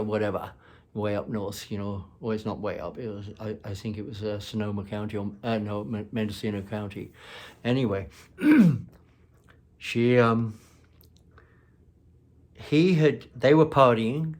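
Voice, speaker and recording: A man casually telling a personal story, rambling and halting with many fillers and restarts. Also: medium pitch.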